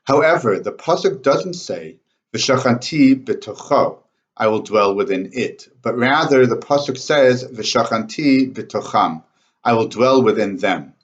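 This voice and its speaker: A man delivers a scripted Torah talk at an even, mid-range pitch. He explains each point step by step and takes care over his Hebrew pronunciation. The recording is slightly dull and lo-fi. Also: normal speed, hardly any pauses. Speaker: Torah speaker.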